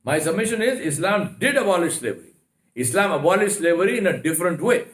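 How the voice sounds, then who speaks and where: A man's voice: sits high, sing-song, fast, fairly bright tone. Emphatic male lecturer in an echoey hall. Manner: emphatic, rhetorical questions, repeated "no, no, no". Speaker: Islamic lecturer. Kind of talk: religious lecture. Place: mosque hall.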